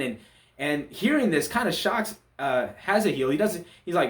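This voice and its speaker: A man giving a relaxed, conversational talk on a Bible chapter, often restarting his sentences as he explains the story. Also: on the high side, normal speed, roomy sound. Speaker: church Bible study teacher. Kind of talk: casual Bible chapter commentary.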